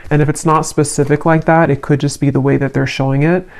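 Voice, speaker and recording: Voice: mid-range voice, little pitch movement, fast, vocal fry. A tarot reader giving an intuitive reading straight to the listener, searching for words with fillers and restarts while offering reassurance. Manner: reassuring, addressing listeners directly.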